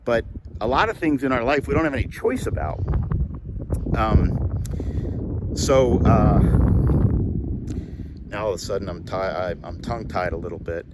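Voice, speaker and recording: An older man, a comedian, talking to camera in a halting, heartfelt way with many pauses and fillers. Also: fairly low pitch, expressive, very noisy. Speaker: comedian vlogger. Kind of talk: reflective personal talk to camera.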